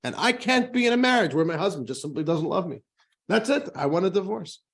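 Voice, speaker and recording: A man's voice: high voice, expressive, brisk, voice pushed up. A man acting out a fed-up wife in a joke, insisting bluntly on a divorce. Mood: insistent.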